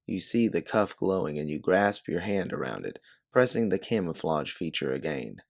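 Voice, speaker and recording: A man narrating a second-person audiobook story in a steady, measured way. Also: deep voice, vocal fry, no echo, studio quality.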